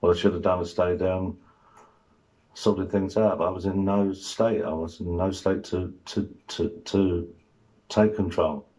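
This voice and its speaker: A man being interviewed on television, answering in a halting, stammering, subdued way. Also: low-pitched, level tone, darkish tone, low-quality recording. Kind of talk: archive TV interview.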